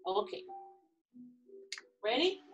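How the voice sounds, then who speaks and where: A woman's voice: slow, dull audio, faint music behind. A woman teacher, cheerfully praising young children and telling them she will be back soon. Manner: loud, cheerful praise and reassurance. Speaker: preschool teacher. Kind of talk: classroom instruction to young children.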